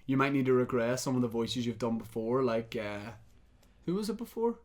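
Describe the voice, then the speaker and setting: A man co-hosting a podcast, calmly briefing his partner for a prank call with dry jokes. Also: mid-range voice. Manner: deliberate, joking, setting up a prank. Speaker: podcast co-host. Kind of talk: casual chat.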